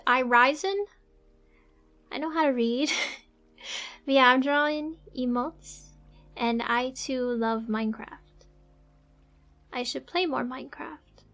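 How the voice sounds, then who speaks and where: A woman with a high voice chats with her stream audience while sketching at her desk. She talks at an unhurried pace, soft-spoken and hesitant, full of fillers and small giggles. Her voice comes through a desk microphone. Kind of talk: casual live-stream chat.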